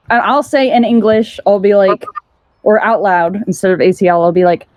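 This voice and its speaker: A woman playing her character in a tabletop game, speaking in an earnest, gentle way. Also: mid-range voice, fairly even intonation, moderate pace, dry recording, rough recording. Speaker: player.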